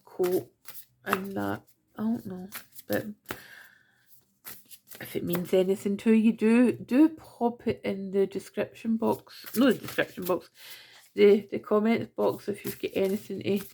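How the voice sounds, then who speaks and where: A woman's voice: mid-range voice, gravelly, a little mellow, slight background noise. A Scottish woman giving a casual monthly tarot reading, chatty and self-mocking with giggly asides. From Scotland. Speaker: tarot reader.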